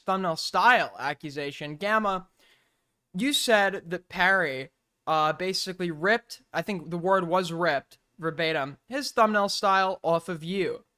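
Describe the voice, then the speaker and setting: Bright-toned man moderating an online debate. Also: high voice, clean tone. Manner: moderating, interjecting, blunt.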